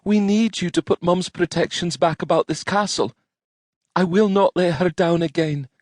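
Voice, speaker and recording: A man voicing an anxious young Highland woman. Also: moderate pace, a little mellow, dry recording, studio quality, close to an everyday voice. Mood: strained urgent. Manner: strained, urgent pleading. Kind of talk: audiobook character voice.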